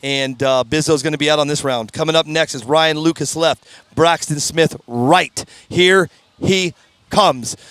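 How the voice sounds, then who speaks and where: A man's voice: fairly high pitch, unhurried, fairly bright tone, clear, resonant tone, no echo. Man, race announcer, upbeat and folksy, strained voice, dry close sound. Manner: upbeat, folksy, fumbles names. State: strained voice, clearing throat. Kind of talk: live drag racing commentary. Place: at a racetrack.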